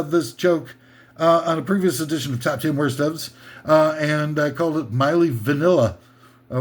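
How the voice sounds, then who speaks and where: High-voiced sarcastic man ranting. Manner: sarcastic, heavy with fillers. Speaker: host of a comedy list show. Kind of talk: rambling comedic rant.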